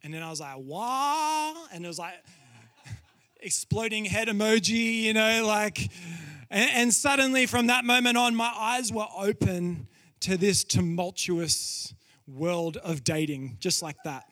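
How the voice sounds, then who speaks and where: Male preacher, high voice, lively storytelling, dry close sound. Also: a little slow, no room sound. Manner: animated storytelling, acts out quotes with laughs; drops low and quiet for solemn points. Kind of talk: sermon.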